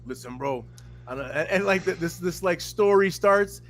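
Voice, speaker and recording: A man co-hosting a podcast, in casual profane chat, animated and full of mimicry. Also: high voice, moderate pace. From Miami. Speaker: podcast co-host.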